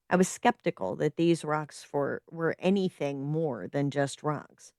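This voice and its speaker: A woman's voice: deep voice, a little slow, creaky, darkish tone, no room sound, clean studio sound. A woman hosting a live-stream podcast, reading a story submission aloud with dramatic flair and stopping to react.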